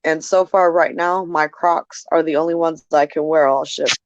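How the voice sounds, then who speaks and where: A woman's voice: sits low, steady tone, moderate pace, no room sound. A woman chatting on a video call in a friendly, sympathetic way. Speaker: caller on a livestream. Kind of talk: casual video-call chat. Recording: dry lo-fi video-call audio.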